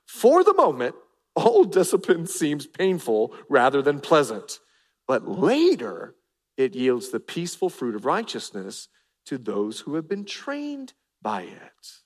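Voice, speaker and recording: A middle-aged man preaching a sermon as pastor, animated and acting out family voices. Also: fairly high pitch. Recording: long reverb of a large hall.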